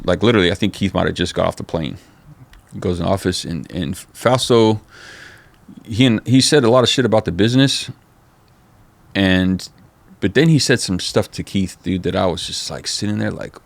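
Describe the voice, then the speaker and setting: Middle-aged man, very low gravelly voice, casual storytelling guest, swears freely. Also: normal speed, no echo. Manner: profane, animated storytelling with lots of "dude" and "man". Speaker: interview guest, former skateboard company manager.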